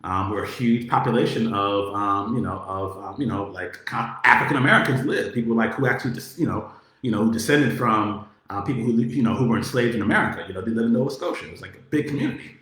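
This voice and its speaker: A man giving a casual political monologue, talking in a profane, animated way, with many filler words. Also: on the low side, quick pace. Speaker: political commentator. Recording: very echoey room.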